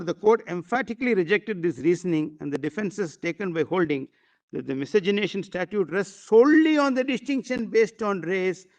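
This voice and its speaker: A man arguing before a court, formal and deferential, addressing the bench constantly and sometimes hesitating with fillers. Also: high-pitched. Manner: hesitant at times, with fillers and restarts. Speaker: advocate. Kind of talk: courtroom argument.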